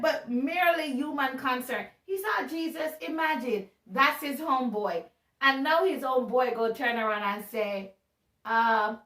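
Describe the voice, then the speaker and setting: A woman giving a casual, animated Bible talk, chatty and joking at her own expense. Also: sits high. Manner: chatty and animated, laughs at herself. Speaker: Bible teacher. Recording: roomy sound from a distance.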